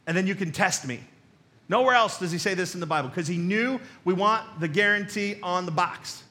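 A man's voice: high voice, pushed and bright. A man preaching a sermon as pastor, conversational and emphatic, with joking asides, rhetorical questions and repeated key phrases.

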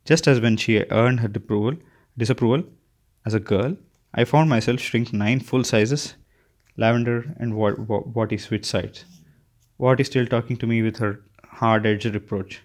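A male narrator reading fiction aloud at an even, unhurried pace. His voice sits in an ordinary middle range. He occasionally trips and restarts a phrase. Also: mid-range voice. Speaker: audiobook narrator. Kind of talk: scripted narration.

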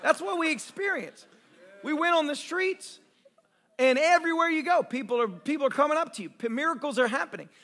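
A man preaching with a very high, bright, forceful voice, telling his stories with excited energy. He restarts phrases as the excitement runs ahead of him, and speaks as a pastor addressing his congregation in a church service. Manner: excitable, animated storyteller with fast restarts. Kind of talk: sermon testimony storytelling.

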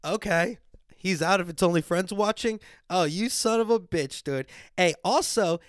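Swearing ranting man, smooth dry voice. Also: high voice, normal speed, no echo. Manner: swears constantly, ranting and riled up; drinks on air and reads viewer comments. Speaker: podcast host. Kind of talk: profane livestream rant. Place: at home.

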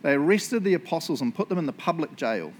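A man preaching in a chatty, joking way, often checking in with "right?". His voice sits a little high and swings up when he gets excited. A faint hiss of room noise sits under the speech. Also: fast talker. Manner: chatty, joking, tag questions. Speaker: pastor. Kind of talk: sermon.

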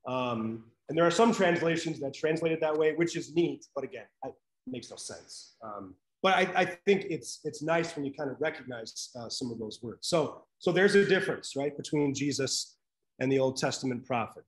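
A man's voice: medium pitch, animated, moderate pace, echoey room, rough recording. A man teaching a live Bible class in a conversational way, checking in with "right?" and using many fillers.

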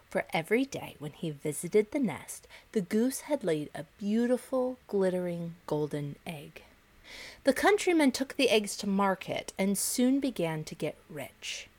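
A woman hosting a podcast, reading fables to children in a gentle, expressive storytelling voice. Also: mid-range voice. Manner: expressive, gentle, varied intonation. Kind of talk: storytelling narration for kids.

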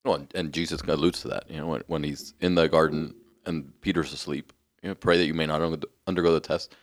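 A man co-hosting a podcast in a relaxed, conversational way, adding thoughts and backing up his partner. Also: extremely low pitch, fast talker, no room sound, clean studio sound. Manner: backs up the other speaker with short agreements. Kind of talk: casual podcast chat.

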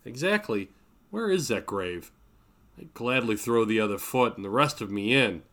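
A man's voice: mid-range voice, expressive, normal speed, fairly bright tone. A man doing a wry, grumbling young professor.

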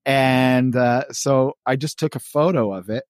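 Animated man telling stories. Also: mid-range voice, slow pace, no echo, clean studio sound. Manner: animated storyteller, laughs while talking. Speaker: podcast co-host. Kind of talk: casual chat and comic strip reading.

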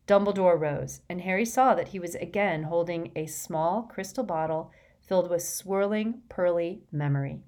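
Lady reading a fantasy audiobook, lowish voice, steady and expressive. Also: normal speed. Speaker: audiobook narrator. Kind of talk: audiobook narration.

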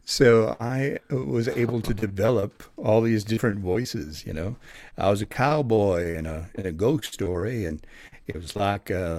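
A man with a somewhat low voice talking casually, relaxed and chatty, with many pauses and fillers. The recording is dry and close, with no echo at all. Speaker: audiobook narrator. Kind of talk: casual interview talk.

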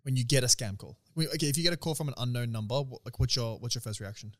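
A man co-hosting a casual podcast, excitable and swearing, throwing questions at the others. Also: medium pitch, quick pace. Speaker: podcast co-host. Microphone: studio podcast mic.

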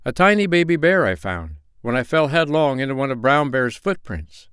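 A man's voice: mid-range voice, animated, moderate pace, a bit bright, smooth, no room sound, clean studio sound, pitched above the performer's own voice, close to an everyday voice. A man reading the part of a humble, brave peasant father mourning his lost child. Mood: earnest.

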